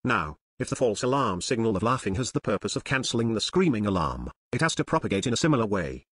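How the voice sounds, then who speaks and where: Husky man narrating dryly. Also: lowish voice, sing-song, quick pace, dry recording. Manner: dry explanatory tone, as if an outsider lecturing. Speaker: narrator of an educational series. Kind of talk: scripted deadpan comic narration.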